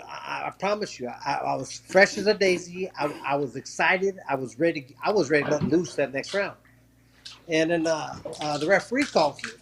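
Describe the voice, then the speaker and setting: A man who was a professional boxer tells a story in an interview, talking in quick bursts with many restarts and acting out what others said. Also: high-pitched, fairly bright tone. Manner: acts out quoted voices while telling a story.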